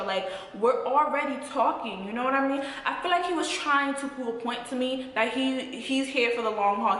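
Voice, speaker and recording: A young woman with a Jamaican accent telling a storytime vlog at home in a sassy, animated way. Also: a little high, a little hiss or hum. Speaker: vlogger. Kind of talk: casual storytime. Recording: very echoey room, long reverb.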